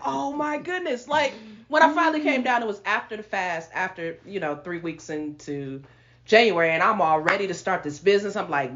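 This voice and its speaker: A woman hosting a podcast, telling a personal testimony in animated, casual storytelling that breaks into laughter. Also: medium pitch, brisk, slight background noise. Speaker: podcast host. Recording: lo-fi sound.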